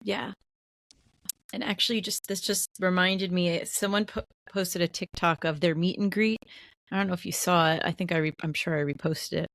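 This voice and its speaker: A woman co-hosting a podcast, chatty and quick to laugh, asking questions in casual conversation. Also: on the low side, fairly even intonation, fairly bright tone, no echo, clean studio sound. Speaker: podcast co-host. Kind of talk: casual chat.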